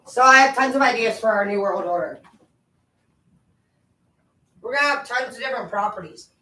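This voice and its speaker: A woman vlogging at home in a rambling, profane, animated monologue. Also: a little high, normal speed. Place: home, indoors. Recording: echoey room, voice from a distance.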